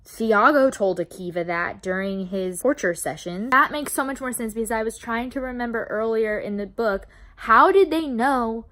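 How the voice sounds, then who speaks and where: A young woman talks through a novel's plot in a chatty, unpolished way, clearly invested in the characters. Her voice sits a little high and sounds bright and forward. She lets the odd swear slip and gets openly emotional. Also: moderate pace, few pauses. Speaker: book vlogger. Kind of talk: casual book recap.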